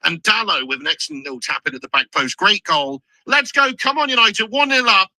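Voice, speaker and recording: A man giving excitable, sweary live commentary on a football match as a channel host, shouting at chances and goals. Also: high-pitched, brisk, no echo, poor audio.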